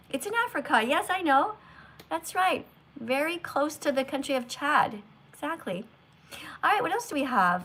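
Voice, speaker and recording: Recorded on a phone, this livestream host talks earnestly to her guest and viewers, emphatic and lecturing. Her voice sits high and has a fairly bright tone.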